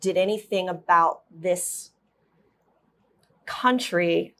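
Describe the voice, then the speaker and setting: A woman's voice: lowish voice, slow, a bit bright. A woman hosting a casual interview, asking questions in an encouraging way. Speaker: host.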